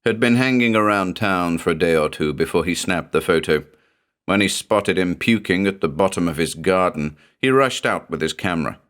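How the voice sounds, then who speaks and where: A man's voice: deep voice, animated, normal speed, fairly bright tone. A man voicing a plump, friendly photographer with a Geordie accent, chatty and affable.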